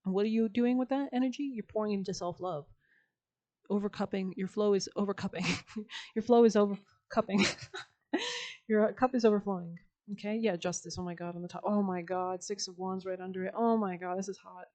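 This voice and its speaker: Mellow-voiced woman reading tarot casually. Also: mid-range voice, a little fast. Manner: chatty, slangy, laughs often, many fillers. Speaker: tarot reader.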